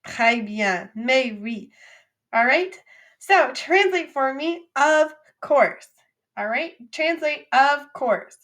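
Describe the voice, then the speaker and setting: Upbeat female French teacher, highish voice. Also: expressive, slow pace, a bit bright. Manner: clear, upbeat teacherly drilling with repeat-after-me prompts. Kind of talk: recorded classroom vocabulary lesson.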